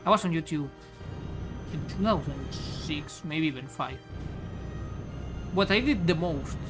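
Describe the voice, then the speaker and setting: A tired man chatting casually on a live stream while he plays, talking flatly and swearing often. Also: fairly high pitch.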